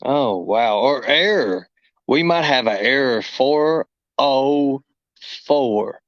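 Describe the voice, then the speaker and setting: With a mid-range voice and lively intonation, the middle-aged livestream host from Kentucky takes his time, rambling and exclaiming in a folksy, casual way. No room sound is audible, though the audio is muffled and dull.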